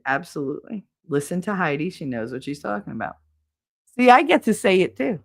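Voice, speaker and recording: A woman's voice: sits low, moderate pace, vocal fry. Laughing, swearing middle-aged woman host. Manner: animated, laughing storyteller who swears freely. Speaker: podcast host. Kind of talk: casual livestream chat with viewers.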